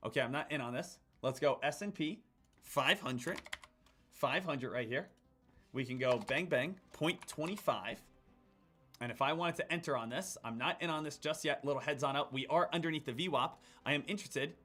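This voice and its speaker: A man giving live day-trading commentary, excitable, jumping between loud hype and quiet muttering. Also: fairly high pitch, normal speed, soft background music. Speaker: day trader streaming his trades.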